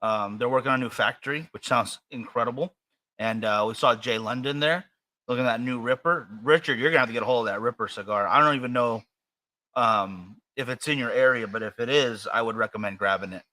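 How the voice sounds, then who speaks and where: With a brisk, sharp, medium-pitched voice, an American man co-hosts a podcast in relaxed conversation. He tends to ramble, hesitating and restarting with frequent fillers.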